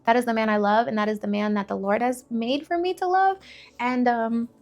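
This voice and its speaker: A young woman shares her personal testimony in a frank, chatty manner, her voice gravelly with fry. She sits a little high in pitch and talks bluntly, peppering her story with filler words. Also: a little fast. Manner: candid and conversational, many filler words, blunt language. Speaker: faith testimony speaker.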